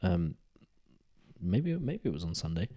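Low, mellow-voiced man in relaxed chat. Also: measured pace. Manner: relaxed, teasing, trails off and restarts. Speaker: podcast co-host. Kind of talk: casual chat.

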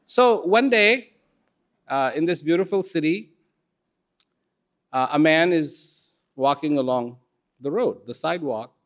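A man telling a story in a talk, unhurried and expressive, with dramatic pauses. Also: fairly high pitch. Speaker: speaker.

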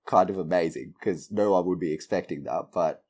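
A man's voice: deep voice, brisk, a little mellow. A man co-hosting a casual film podcast, laid-back, swearing freely and laughing easily. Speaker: podcast co-host.

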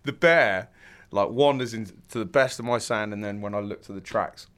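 A young man from England tells a story as a podcast guest, relaxed and rambling, with plenty of fillers and laughs. His voice sits fairly low. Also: fairly quick. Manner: laid-back, laughs often, many fillers. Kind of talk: casual storytelling.

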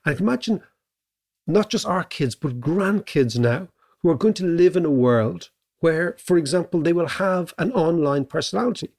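A middle-aged Irish man talks in a relaxed podcast chat, his voice sitting a little higher than most men's. He thinks out loud and often tags a quick "right?" onto his points. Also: vocal fry. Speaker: podcast co-host.

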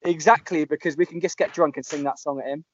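A man, chatting casually as a podcast host and telling animated anecdotes. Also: on the high side, quick pace, crowd noise. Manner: lively storyteller, puts on voices in anecdotes. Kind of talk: casual chat. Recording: dull lo-fi sound.

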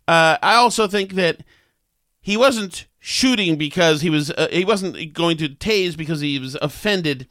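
A man's voice: a little high, measured pace, fairly bright tone, dry recording, clean studio sound. A man hosting a talk show with a New England accent, rambling and sarcastic with many fillers. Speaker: talk radio host. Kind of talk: opinionated casual talk.

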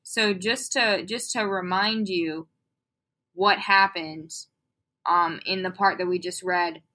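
A woman's voice: lowish voice, fairly even intonation, takes it slowly, bright, forceful tone. A young woman co-hosting a casual comedy show, reading fan fiction aloud with swearing and dramatic flair. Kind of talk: casual comedic read-along.

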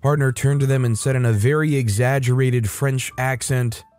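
A man hosting a story channel, reading online revenge stories aloud in a casual, lively way. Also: mid-range voice, moderate pace, soft background music. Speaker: story channel host and narrator.

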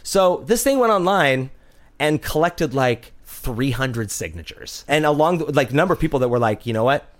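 Man, podcast co-host, lively swooping pitch, casual storytelling, swears, mimics quoted people. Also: normal speed.

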